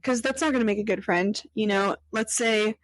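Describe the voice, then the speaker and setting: A woman's voice: medium pitch, moderate pace, no room sound, low-quality recording. A young woman hosting a casual chat, talking with lots of fillers and acting out quoted voices. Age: young adult. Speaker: podcast host.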